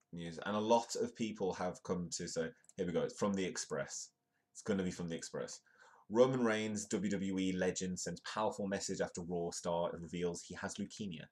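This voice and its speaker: A man's voice: low-pitched, darkish tone. A man hosting a live comedic news stream, reading articles aloud and rambling through them with lots of ums and restarts.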